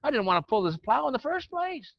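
A man doing a high whiny stubborn ox. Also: sing-song, fairly quick, vocal fry, no echo, heavily acted. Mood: indignant. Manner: indignant, complaining. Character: stubborn rebellious male ox. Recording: muffled lo-fi recording.

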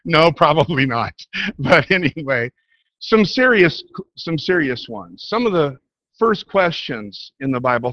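A man preaching a sermon, reading scripture aloud and pressing each question with rising, slowing emphasis. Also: on the high side, pushed and bright, no echo.

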